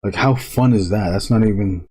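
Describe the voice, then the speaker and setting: A man chatting casually to viewers while drawing on a live stream, rambling with frequent halting restarts. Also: on the low side, dark tone, slightly rough.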